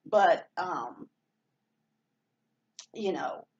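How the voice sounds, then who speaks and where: A woman's voice: lowish voice, lively intonation, very slow, muffled recording. A woman from Maine with a slight Southern twang, chatting casually as a vlogger and rambling with fillers and restarts. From born in Maine, raised partly in Rhode Island. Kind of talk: casual chat.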